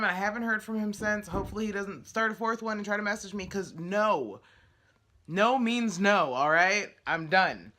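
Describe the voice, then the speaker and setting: A woman talks straight to her followers in a casual vlog. She sounds chatty and animated, and she gets exasperated as she retells her stories. Her voice is bright and forward, with a slight wear from a night of karaoke. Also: on the high side, brisk. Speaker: vlogger.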